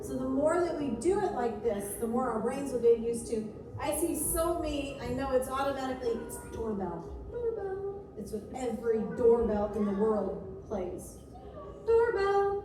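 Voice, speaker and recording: A woman music teacher leads a class through a lesson, playful and encouraging, often singing solfege syllables. Her voice is a little high and very animated at a moderate pace. The recording, made from a distance in a reverberant church room, is echoey with background noise.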